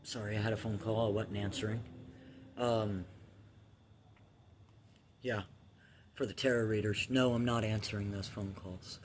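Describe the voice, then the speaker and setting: A man's voice: on the low side, fairly even intonation, a little slow, long pauses, slight background noise. A man in his thirties casually telling his own life story, candid and profane, with restarts and filler ums. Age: 30s.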